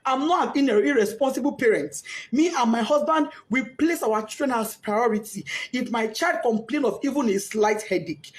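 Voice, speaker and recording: A grieving Nigerian mother giving a tearful, impassioned testimony, often breaking into shouts and sobs. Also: sits high. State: crying, distraught. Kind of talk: emotional testimony.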